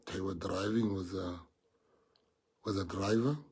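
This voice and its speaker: Husky South African man giving an earnest speech. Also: low voice, fairly even intonation, unhurried, a little mellow. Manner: earnest, repeating key phrases for emphasis. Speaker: party leader addressing members. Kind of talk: heartfelt speech to supporters.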